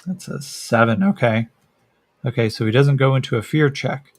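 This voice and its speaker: A man narrating a solo tabletop role-playing game as game master, describing scenes and rolling dice with frequent pauses and fillers. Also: mid-range voice, expressive, dry recording. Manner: hesitant, many fillers, descriptive.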